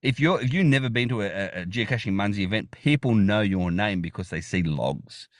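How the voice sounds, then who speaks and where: A man's voice: fairly low pitch, animated, a little fast, no room sound, clean studio sound. A man with an Australian accent, a podcast guest chatting enthusiastically, rambling with restarts and fillers. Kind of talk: casual interview chat.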